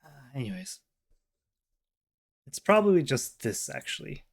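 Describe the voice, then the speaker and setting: A man hosting a casual reaction video, explaining slowly with plenty of fillers into a desk microphone. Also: medium pitch, very animated, creaky, slightly rough.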